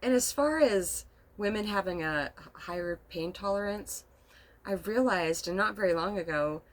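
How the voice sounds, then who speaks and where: A middle-aged woman telling a personal story in a casual vlog monologue, speaking softly and emotionally and rambling with frequent laughs. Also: medium pitch, normal speed. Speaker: vlogger. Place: inside a camper.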